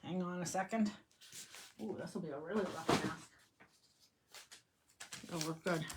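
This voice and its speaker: A woman's voice: fairly low pitch, a little slow, heavy background noise. Chatty woman demonstrating card stamping. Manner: rambling, self-interrupting, talks to herself while working. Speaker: stamping instructor. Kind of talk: chatty live craft demonstration.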